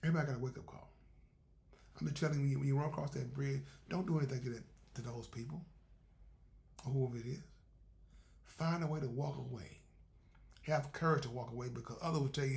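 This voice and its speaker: A man's voice: mid-range voice, brisk, gravelly, pauses often. A man giving a faith-based motivational talk in a conversational, repetitive, preacherly way. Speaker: motivational speaker.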